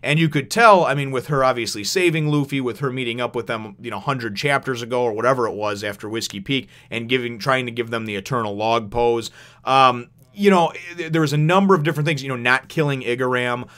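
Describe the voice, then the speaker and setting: A manga chapter reviewer talks through a casual spoken review in a mid-range, fairly bright voice at a brisk clip. He rambles, fills his speech with fillers and restarts, and laughs while retelling scenes.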